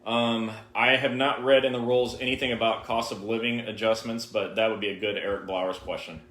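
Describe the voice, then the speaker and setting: A man co-hosts a live question-and-answer stream, his voice sitting on the low side. He gives direct, emphatic advice and repeats key points. The room around him rings with echo. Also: fairly even intonation, a little fast, a bit bright. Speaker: co-host answering viewer questions. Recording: roomy, echoey live stream.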